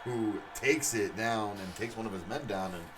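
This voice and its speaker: A man giving live play-by-play commentary on a game stream, excitable, with chatty asides. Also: lowish voice, normal speed, noisy background. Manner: excitable, rises to shouts on big plays, chatty asides.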